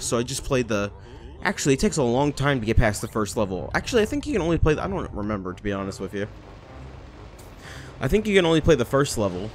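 A young man rambling excitably and swearing as he comments on a video game. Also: mid-range voice. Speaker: let's play gamer. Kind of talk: casual gameplay commentary.

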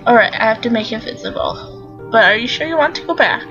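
A woman voicing a kindly old male wizard in a calm, formal reading. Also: a little high, brisk, close to an everyday voice. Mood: solemn. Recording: lo-fi audio with loud game music.

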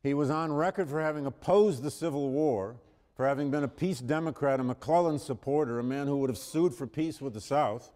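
Speaking fairly quickly at a medium pitch, a man with a mellow voice teaches university history in a large, echoing lecture hall. His delivery is emphatic and self-correcting, quotations come out with building force, and a cough breaks in at times.

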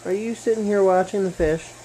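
A woman's voice: mid-range voice, a little fast, mellow, slight background noise, rough recording. A woman at home by a garden pond, talking to her pets in cooing, teasing baby-talk and playful meows. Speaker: pet owner.

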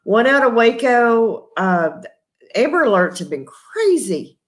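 A woman's voice: on the high side, very animated, a little slow. A middle-aged woman with a Texan accent, chatting casually on a live stream, laughing often and greeting viewers by name. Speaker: host.

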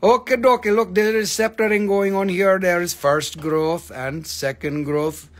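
A man hosting a live stream that sells crystals, talking in an excitable, joking, profane and rambling sales patter. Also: high voice, unhurried.

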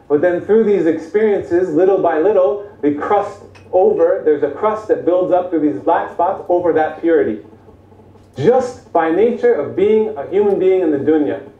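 A man giving a thoughtful, halting lecture on spiritual psychology, with frequent pauses and restarts. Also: fairly high pitch. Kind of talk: explanatory lecture. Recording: echoey room, far from mic, phone-like lo-fi sound.

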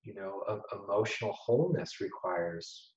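A man's voice: fairly low pitch, animated, normal speed. A man speaking as a psychologist guest in a casual interview, reflective, quoting sayings and laughing often. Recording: roomy, dull sound.

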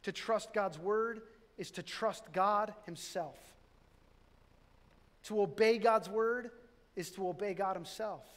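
A man's voice: high voice, takes it slowly, long pauses. A middle-aged man, a pastor, preaching a sermon in a conversational way, with restarts and self-deprecating jokes. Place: church sanctuary. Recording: reverberant hall.

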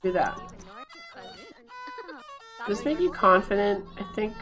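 A woman's voice: medium pitch, animated, a little slow, fairly bright tone, soft background music. A young woman casually commenting on her life-sim game at home, chatty and giggly, breaking off to talk to her pets. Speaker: gaming video creator. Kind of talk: casual let's-play commentary.

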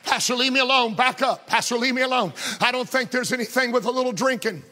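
Brief: preacher doing a defensive male churchgoer, hushed, lower, pleading, bright tone. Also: quick pace, in a large hall, a little hiss or hum. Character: defensive churchgoing man brushing off his pastor.

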